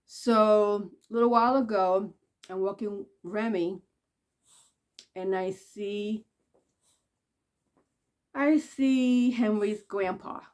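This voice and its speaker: Taking her time with long pauses, a woman vlogger talks through a personal story conversationally. She pitches up for quotations and lowers to a quiet softness at the sad points.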